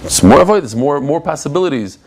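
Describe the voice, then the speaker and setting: A man leads a live Talmud class in a fairly high voice. He talks in an animated, chatty way and jokes with the people in the room. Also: fast, background noise.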